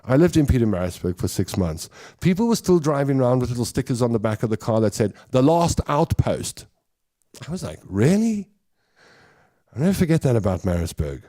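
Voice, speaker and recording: A man's voice: mid-range voice, big pitch swings, quick pace, few pauses, warm tone. A man hosting a casual live show, chatting in a rambling way and reading out viewer comments. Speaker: show host.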